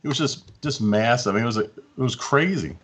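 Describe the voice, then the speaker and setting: A man guesting on a gaming podcast, telling a story in a relaxed, rambling way with restarts. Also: medium pitch, a little fast, husky. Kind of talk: casual storytelling.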